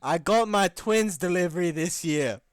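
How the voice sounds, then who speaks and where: A man's voice: expressive, slow pace, no room sound. A man putting on a friendly foreign commenter's accent while reading an online comment aloud. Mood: chummy. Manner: high, loud, put-on accent.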